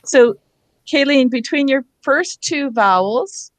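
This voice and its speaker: A woman's voice: sits high, lively intonation, slow pace, dry recording. A woman leading a teacher workshop on reading over a video call, patiently sounding out words syllable by syllable. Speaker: reading instructor.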